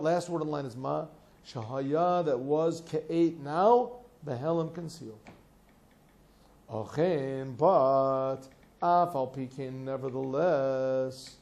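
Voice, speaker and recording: A man, a rabbi, teaching a class, telling stories in an animated way and acting out the voices in them, then translating a text phrase by phrase. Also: on the high side, creaky. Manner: animated storytelling, acts out quoted voices, laughs often; translates phrases slowly word by word.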